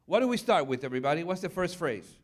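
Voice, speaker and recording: A middle-aged male pastor giving a lively conference talk, chatting with the audience and asking them questions. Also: on the high side, fast talker. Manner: animated, conversational, asks the audience questions.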